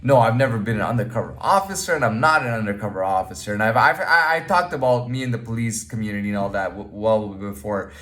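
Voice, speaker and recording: A man talking to camera in a casual monologue, rambling, restarting his sentences and often trailing off into a low mutter. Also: lively intonation, fast talker, hardly any pauses, a bit bright. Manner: rambling, with many restarts and "you know what I mean". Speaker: vlogger.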